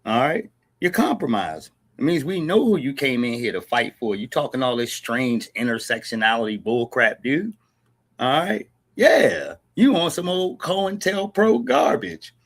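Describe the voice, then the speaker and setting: A man's voice: medium pitch, sing-song, unhurried, vocal fry, a bit bright. A man hosting a commentary stream, talking emphatically and asking "all right?" over and over. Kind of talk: livestream commentary.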